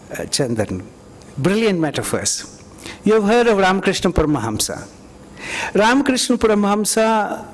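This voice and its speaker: A man giving a university lecture, reflective and conversational, often saying "you know". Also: sits high. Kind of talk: university lecture with audience questions. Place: lecture hall. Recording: reverberant hall.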